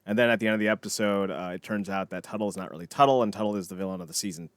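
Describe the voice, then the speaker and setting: A man with a lowish voice talking casually on a podcast, rambling between points and swearing freely. He often trails off into quiet mumbles. The sound is dry and close. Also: racing, dry recording. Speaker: podcast co-host.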